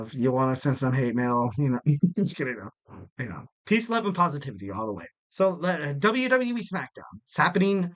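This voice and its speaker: A man's voice: on the high side, fairly bright tone, clear, resonant tone. A young man hosting a wrestling podcast in casual solo chat, rambling and joking with plenty of fillers. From West Coast of the United States. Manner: rambling, jokey, lots of fillers.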